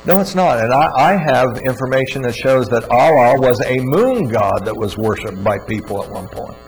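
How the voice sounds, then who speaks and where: A man's voice: medium pitch, lively intonation, moderate pace, slightly rough, rough recording. A man giving an earnest, emphatic religious teaching talk, often repeating words for stress. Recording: faint mains hum.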